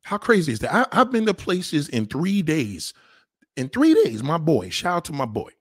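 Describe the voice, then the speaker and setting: A man's voice: fairly high pitch, moderate pace, husky, dry recording, studio quality. A man with a New York accent, talking in a casual, profane monologue and mimicking other people. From New York City. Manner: animated, swearing, mimicking others.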